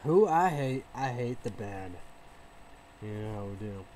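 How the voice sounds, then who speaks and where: A man rambles through a casual vlog monologue. He repeats himself and trails off into fillers, swinging between low mumbles and loud bursts. A faint hiss runs under his voice. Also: lively intonation, a little slow, rough recording. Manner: rambling, repetitive, with many fillers and restarts. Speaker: vlogger.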